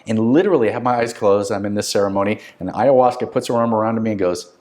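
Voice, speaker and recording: A male podcast host telling a personal story in a conversational interview, lively and acting out the quoted lines. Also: on the low side, fast, few pauses. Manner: animated anecdote-teller who acts out quotes.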